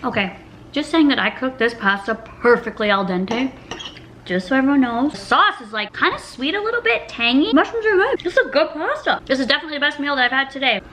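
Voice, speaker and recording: Woman vlogger, slightly high voice, bubbly and giggly, cooking and chatting at home. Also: lively intonation, fairly quick, a bit bright, slight background noise. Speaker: food vlogger. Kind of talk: casual chatty vlog. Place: home kitchen.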